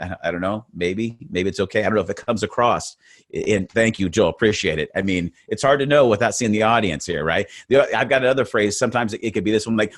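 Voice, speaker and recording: A man's voice: lowish voice, expressive, fairly quick, dry recording, clean studio sound. A middle-aged man giving a faith-based motivational webinar talk, earnest and prone to repeating words as he builds each point. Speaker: motivational speaker.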